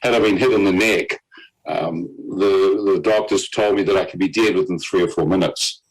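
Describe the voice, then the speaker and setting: A man with a lowish voice tells his story of nearly dying. He gets animated, slips into other people's voices for their lines, and chuckles at his own bad luck. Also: moderate pace, slightly rough, low-quality recording. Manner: animated storyteller, quotes others in character, laughs at himself. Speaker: guest telling his testimony. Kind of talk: personal testimony storytelling.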